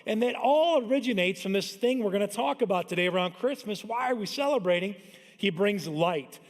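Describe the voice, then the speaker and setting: A man in his thirties gives a Christmas sermon in a light, high voice. He talks in a loose, conversational way and tells stories about his family. His voice rings out with a long reverb through a large church hall. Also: expressive, brisk. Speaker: pastor.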